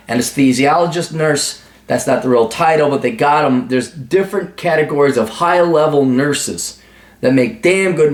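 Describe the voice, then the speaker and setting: A man's voice: mid-range voice, reverberant. A man hosting an advice video, giving blunt, profane, sarcastic answers in a ranting monologue. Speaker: advice show host.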